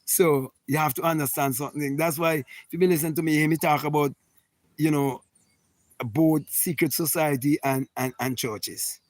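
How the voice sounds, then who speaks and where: A man's voice: on the high side, steady tone, normal speed, no echo. A man hosting a spiritual talk, reading viewer comments and answering them in an emphatic, repetitive, preachy way.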